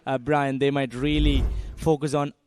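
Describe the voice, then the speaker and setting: A man commentating live cricket, giving measured analysis and reading out team lists, with frequent hesitations. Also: medium pitch, little pitch movement, darkish tone.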